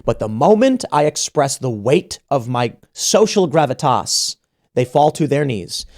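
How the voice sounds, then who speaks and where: A man of average pitch hosting a podcast and telling a story in casual conversation. He acts out what others said to him and often restarts his sentences as he goes. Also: a little slow. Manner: animated storyteller acting out quoted exchanges, frequent restarts. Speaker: podcast host.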